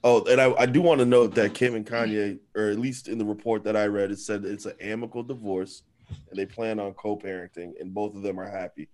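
A young man with a fairly low voice co-hosts a relaxed podcast conversation. He paces his setups slowly and lets a dry, tongue-in-cheek sarcasm run through them. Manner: sarcastic, leads topics with slow deliberate setups. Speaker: podcast co-host. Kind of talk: casual chat.

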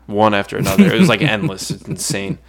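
A man's voice: lowish voice, sing-song, fast. A man co-hosting a podcast in laid-back, joking chat. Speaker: podcast co-host. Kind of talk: casual chat.

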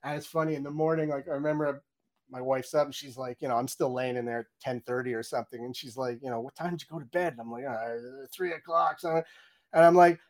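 Middle-aged guy in an interview, chatty and excited, acts out what he said, bit high pitched. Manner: animated, acts out his own reactions in quotes; fast, chatty, many "you know"s and restarts. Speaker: game audio director. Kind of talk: candid interview storytelling.

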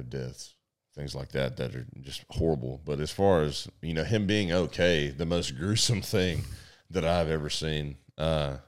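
A man who works as a sheriff's deputy, telling profane jail and patrol stories in a casual, animated way. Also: a bass voice, clean tone. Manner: profane, animated storyteller, loud when acting out the chase. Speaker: sheriff's deputy in livestock division. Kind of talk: casual storytelling.

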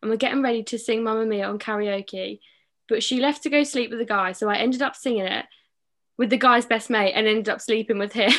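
A woman's voice: a little high, a little fast. A young British woman co-hosting a casual podcast chat, laughing often and talking dreamily about her crushes. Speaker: podcast co-host.

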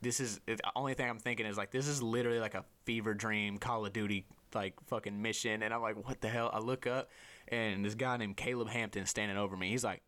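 A young man with a slightly low voice spins a rambling, profane story for his guest, talking fast and keeping it lively and loose. When quoting people, he jumps into higher voices.

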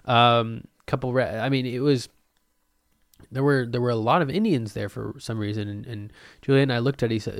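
A man's voice: mid-range voice, normal speed, dry recording, clean studio sound. Rambling, joking young man alone at a desk. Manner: rambling, joking and self-mocking, with sudden loud bursts and mumbled asides. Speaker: podcast host. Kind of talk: solo podcast monologue. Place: at a desk at home.

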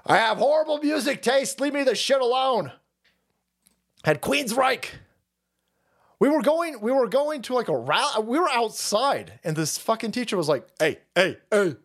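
A man's voice: very high-pitched, big pitch swings, moderate pace, a bit bright. A middle-aged man hosting a live stream, ranting casually and with heavy profanity, rambling and calling his viewers boys. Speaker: streamer host.

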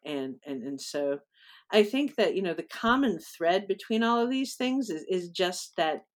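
A woman's voice: lowish voice, expressive, a little slow. A woman poet talking casually as an interview guest, rambling with frequent ums, uhs and restarts.

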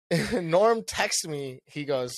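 A young man co-hosting a podcast, telling a story in casual chat. He swears a lot and acts out what he said with a rising, animated voice. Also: a little high, takes it slowly, vocal fry, no room sound. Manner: animated, swears often, acts out his own lines with a rising voice. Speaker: podcast co-host.

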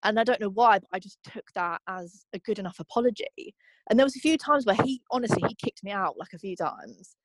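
A young woman telling her own story in a candid, halting way, full of fillers. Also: mid-range voice, animated, no room sound. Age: young adult. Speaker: interviewee. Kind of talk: personal testimony.

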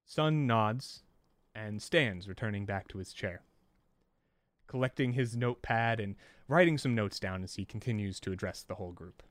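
A man running a tabletop role-playing game as game master, narrating scenes in a relaxed way with fillers. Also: fairly low pitch, moderate pace, dry recording.

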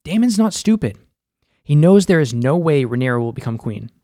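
A man's voice: fairly high pitch, sing-song, normal speed, dark tone, no echo, studio quality. A young man giving a casual, profane breakdown of a TV episode, full of filler words. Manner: laid-back and profane, full of "like". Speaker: film and TV recap host.

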